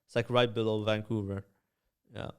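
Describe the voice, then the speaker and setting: Maltese man telling stories, smooth voice. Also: lowish voice, moderate pace. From Malta. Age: young adult. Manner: animated storyteller, many fillers. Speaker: guest, streamer. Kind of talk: casual storytelling chat.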